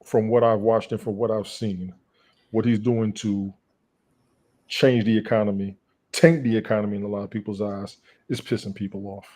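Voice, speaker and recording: A man co-hosting a casual talk show, arguing politics in a measured, deliberate way and standing firm when he disagrees. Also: on the low side, little pitch movement, dark tone.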